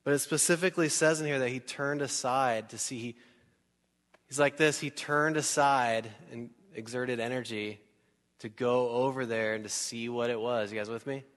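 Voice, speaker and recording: A man's voice: mid-range voice, normal speed. Conversational male pastor preaching in a reverberant hall. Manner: conversational and animated, asks the crowd questions, acts out scenes. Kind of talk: sermon.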